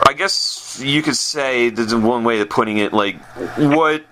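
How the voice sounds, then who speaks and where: A man hosting a radio interview, asking halting questions full of restarts. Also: medium pitch, pushed and bright, a little hiss or hum, low-quality recording. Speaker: radio host, DJ. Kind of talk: casual interview chat.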